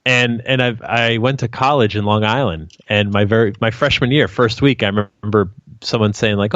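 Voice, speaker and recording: A man in casual podcast chat, animated and jokey, with many restarts. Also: on the low side, normal speed, no echo. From New England. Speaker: paranormal investigator and author. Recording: slightly dull dry sound.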